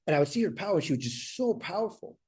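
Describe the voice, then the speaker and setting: An earnest middle-aged life coach talks through a motivational coaching session, stumbling over and repeating words and asking "right?" as he goes. His warm, mellow, husky voice sits a little high for a man, and he's very animated and talks fast.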